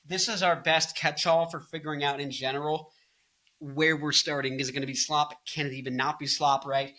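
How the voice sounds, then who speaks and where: A man's voice: fairly high pitch, steady tone, moderate pace, bright, forceful tone. A young man in his twenties hosting a casual, jokey and rambling music commentary video. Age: 20s. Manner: jokey, rambling, goofs off into silly bits.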